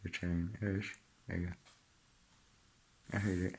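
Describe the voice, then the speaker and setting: Man, low-pitched, gravelly fry, chatty, self-interrupting vlog talk. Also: flat delivery, a little slow. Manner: rambling, self-interrupting, chatty asides to viewer. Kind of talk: casual vlog with book reading aloud.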